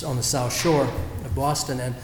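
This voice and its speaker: A man preaching a sermon as a pastor, telling a story in a reflective way with pauses and restarts. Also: mid-range voice, fairly even intonation, slight background noise. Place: church sanctuary. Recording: roomy church hall echo.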